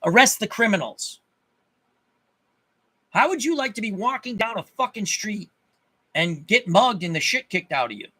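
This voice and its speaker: A man's voice: high voice, sing-song, moderate pace, long pauses, bright, forceful tone, slightly rough. A man ranting to his viewers in an angry, profane monologue, often repeating himself and restarting his sentences. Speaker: channel host.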